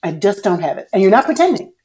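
A woman guest and author telling a personal story frankly and emotionally, cursing at times and swinging between hushed and loud. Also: mid-range voice, very animated, quick pace.

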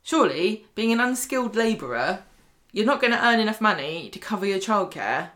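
Woman, bright tone, casual jokey chat. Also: medium pitch, sing-song, brisk. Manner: chatty, jokey asides and mock quotes. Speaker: podcast co-host.

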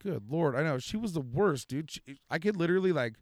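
A man's voice: on the high side, brisk, dry recording, clean studio sound. A man telling a wild story in casual podcast chat, rambling and swearing, full of "like" and "dude". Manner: profane, rambling, animated storytelling with lots of "like" and "dude". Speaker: storyteller guest.

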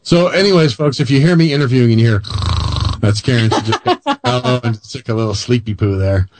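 A man's voice: mid-range voice, sing-song, fast talker, over music. Playful man co-hosting a radio show. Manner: playful, joking, teasing. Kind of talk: casual chat.

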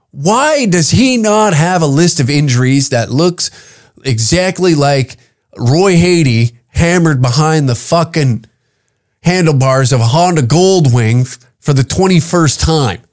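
A man from Canada hosts his own comedy podcast in a solo rant, swearing freely and getting heated as he goes. His voice sits a little higher than most men's. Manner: profane, heated ranting. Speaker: podcast host and stand-up comic.

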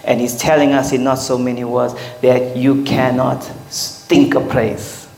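A man's voice: medium pitch, level tone, a little slow, vocal fry, a little mellow. A male pastor preaching a sermon in an emphatic style, driving his points home with rhetorical questions. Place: church hall with congregation. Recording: echoey hall with congregation responding.

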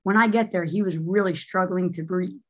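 A woman's voice: lowish voice, a little fast. A woman telling a personal story as an interview guest, candid and chatty with lots of fillers. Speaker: guest, former basketball coach.

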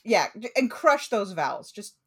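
A woman's voice: medium pitch, sing-song, moderate pace, husky. A young woman co-hosting a podcast, joking around playfully in casual chat. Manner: playful, jokey. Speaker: podcast co-host.

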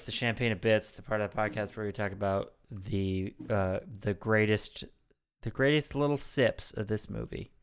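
A man's voice: fairly low pitch, fairly bright tone, smooth. A man hosting a casual movie podcast, joking and swearing, often slipping into impressions of people he quotes. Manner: profane, jokey, breaks into put-on voices. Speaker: podcast host.

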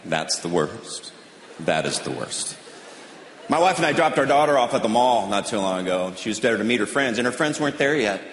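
A middle-aged man doing stand-up comedy on stage with a deadpan drawl, now and then slipping into mocking voices. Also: medium pitch, fairly quick, a little hiss or hum. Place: large hall on stage. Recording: roomy, long hall reverb, audience ambience.

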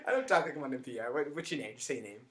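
A man's voice: mid-range voice, very fast, fairly bright tone. A man co-hosting a casual podcast from a home basement, joking and laughing often. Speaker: podcast co-host. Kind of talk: casual chat.

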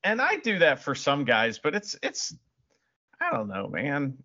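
Bright, easygoing podcast man. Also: on the high side, wildly swooping pitch, a little slow, lo-fi sound. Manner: laid-back, laughing, hedges with "you know". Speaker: podcast co-host. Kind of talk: casual podcast chat.

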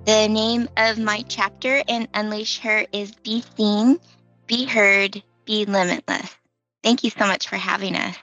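A woman from California gives an upbeat introduction. Her voice is bright and forward, and soft music plays faintly behind her. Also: mid-range voice, steady tone, unhurried, lo-fi sound. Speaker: guest co-author. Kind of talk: brief self-introduction.

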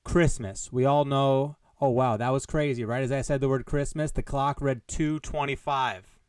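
A man hosts his solo comedy podcast, rambling from one bit to the next in a joking, mock-grandiose tone. His voice sounds smooth and clear. The recording is close and dry, with no room sound. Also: medium pitch, steady tone, normal speed, darkish tone, dry recording. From American Midwest. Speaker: podcast host. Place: Des Moines. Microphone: headphones on, home podcast mic.

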